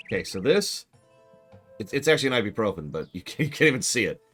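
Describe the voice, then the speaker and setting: A man streaming a game, chatting casually with viewers in a sarcastic, excitable way and swearing now and then. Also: on the low side, fast, faint music behind.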